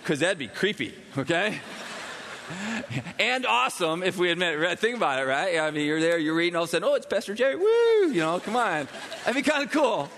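A male pastor delivering an animated sermon in a large church space, the sound trailing off into a long reverb. His voice sits a bit high for a man. He acts out the voices he quotes. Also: fairly quick, gravelly, slight background noise.

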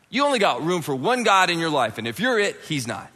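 A man's voice: a little high, big pitch swings, fast talker, hardly any pauses, pushed and bright, big-room sound. A man preaching a sermon, acting out quoted voices and dropping suddenly to a near whisper. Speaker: pastor.

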